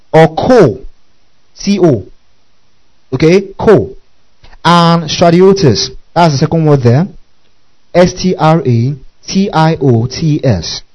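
A man's voice: fairly high pitch, mellow, poor audio. A man preaching a sermon, spelling out words letter by letter and calling on his listeners to repeat after him. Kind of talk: sermon teaching.

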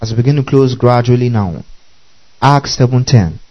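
A man's voice: mid-range voice, normal speed, muffled recording. A man preaching as pastor, teaching through scripture, repeating key phrases and asking the congregation to underline them. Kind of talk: sermon.

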